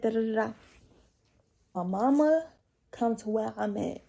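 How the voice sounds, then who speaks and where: A woman's voice: on the high side, expressive, measured pace, gravelly, warm tone. A young woman vlogger telling a casual storytime, chatty and profane, talking straight to her viewers.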